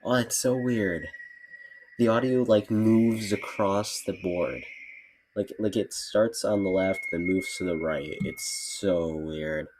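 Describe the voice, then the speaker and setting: A gamer who is sick, with a voice deeper than usual, joking and rambling through a let's play while reading the game text aloud. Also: slow, darkish tone, a little hiss or hum.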